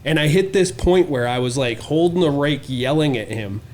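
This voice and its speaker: A man's voice: fairly high pitch, normal speed, darkish tone. A man co-hosting a podcast, telling a wild story in casual, profane chat and acting out the quotes. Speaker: podcast co-host.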